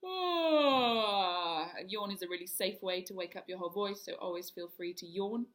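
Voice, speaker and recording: A woman voice coach leading a guided vocal warm-up, talking through each exercise step by step. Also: fairly low pitch, flat delivery, fast. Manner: demonstrates yawns, hisses, hums and sirens; instructive, step-by-step.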